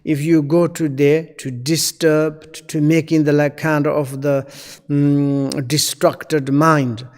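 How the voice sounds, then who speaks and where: A man giving a Buddhist dharma teaching in halting, broken non-native phrasing. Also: on the high side, level tone, darkish tone. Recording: long echoey reverb.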